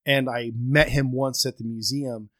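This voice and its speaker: A podcast co-host chats casually over a remote call on a home microphone, rambling and self-deprecating with lots of fillers. His mid-range voice is unhurried, with fairly even intonation.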